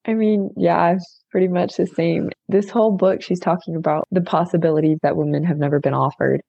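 A woman with a very low, gravelly, dark voice talks casually in a book discussion and hedges with fillers. The recording is dry and a little dull. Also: fairly even intonation, brisk, no room sound. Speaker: discussion participant. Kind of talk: casual discussion and reading aloud.

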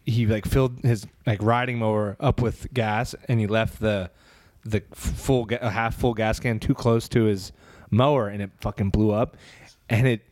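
A man's voice: fairly low pitch, steady tone, moderate pace, darkish tone, dry recording. A man hosting a podcast in casual chat, rambling with lots of fillers and restarts. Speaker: podcast host.

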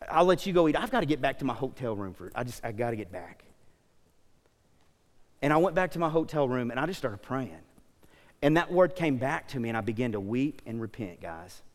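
A man preaching a sermon as pastor, passionate, swinging between loud emphatic lines and hushed, tender ones. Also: fairly high pitch. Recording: long hall reverb.

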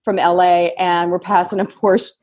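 A woman in her fifties, a podcast guest telling stories in an animated, giggly, expressive way. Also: on the low side, normal speed. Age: 50s. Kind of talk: casual podcast conversation.

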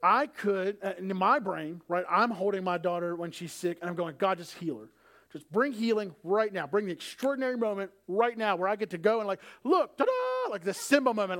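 A man in his thirties preaching a sermon as a pastor, telling family stories and acting out the dialogue in an animated way. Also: sits high.

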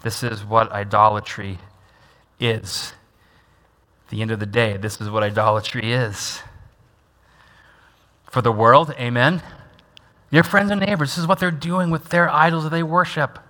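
A man's voice: mid-range voice, fairly even intonation, measured pace, pauses often, pushed and bright. Pastor guy preaching, punchy and emphatic, makes the crowd repeat lines, big churchy reverb. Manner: emphatic, repeats key lines and has the congregation echo them. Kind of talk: sermon. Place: church sanctuary. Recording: long reverb of a large church hall.

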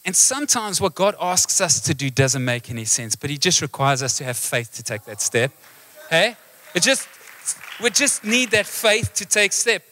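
A man with a high, bright voice preaches a live sermon to his church. He is animated, keeps asking the congregation questions and drawing them in. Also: moderate pace, a little hiss or hum. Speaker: pastor. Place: church hall.

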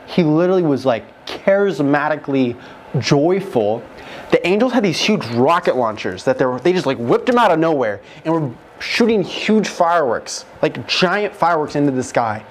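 A young man telling an emotional testimony in a group conversation, excited and rushed, full of "like", into a handheld mic. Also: a little high, slight background noise. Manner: excited, rushed, fills speech with "like". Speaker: guest telling his near-death story. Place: room with other men holding mics.

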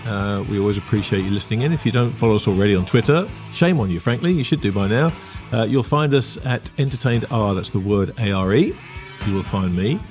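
A man co-hosting a casual sports chat podcast, with a slightly low voice. He talks in a dry, wry, unhurried way. Soft music sits faintly in the background. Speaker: podcast co-host.

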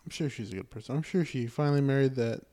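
Guy on a podcast telling stories, lots of cursing, mellow dark voice. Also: mid-range voice, fast. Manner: profane, animated when quoting people. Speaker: podcast co-host. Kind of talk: casual chat, storytelling.

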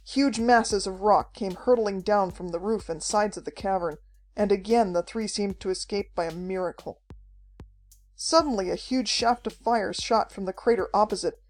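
Mellow-voiced woman reading an adventure story. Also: mid-range voice, moderate pace. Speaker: audiobook narrator. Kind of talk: scripted narration. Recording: faint background music.

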